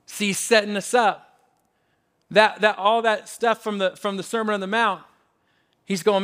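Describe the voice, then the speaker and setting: Guy pastor preaching sunday sermon, highish voice, keeps repeating stuff for emphasis. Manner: animated preaching with emphatic repetitions, slowing to a hush on key phrases. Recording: church service.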